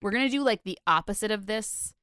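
A woman's voice: mid-range voice, fast talker, a bit bright, smooth, no room sound, clean studio sound. Chatty young woman hosting a podcast. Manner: chatty, rambling, many fillers and laughs. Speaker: podcast host. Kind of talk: casual podcast chat.

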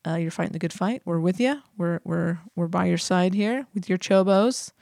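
A woman's voice: fairly low pitch, normal speed, creaky, darkish tone, dry recording, clean studio sound. A woman co-hosting a casual podcast, chatting and reading listener mail with frequent laughter. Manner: giggly, chatty, breaks into laughter often. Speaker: podcast co-host.

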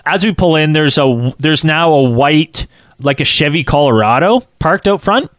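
A man telling a casual anecdote, acting out quotes in an animated way and saying "like" a lot. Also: on the high side, normal speed, no room sound, studio quality.

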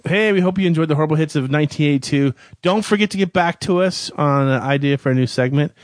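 Male podcast host, dry teasing humor, slightly high voice, dry close sound. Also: fast talker, no echo. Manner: dry, teasing, wraps up the show. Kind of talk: casual podcast banter.

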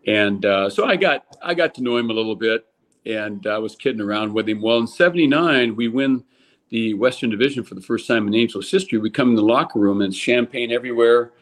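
Older ex-ballplayer guest, casual storyteller, mid-pitched, loose and animated with restarts. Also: male voice, brisk. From California. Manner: animated anecdote teller, lots of restarts, voices people in quotes.

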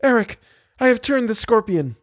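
A man's voice: expressive, a little slow, slightly rough, no echo, clean studio sound, exaggerated voice. A man voicing a terrified, pleading young woman. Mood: desperate. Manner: crying out, high and urgent.

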